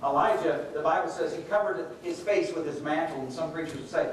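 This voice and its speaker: A man's voice: on the high side, fairly even intonation, a little fast, hardly any pauses, slight background noise. A middle-aged male pastor preaching a sermon, telling the story and acting out the quoted voices. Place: church sanctuary. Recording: echoey hall from far off.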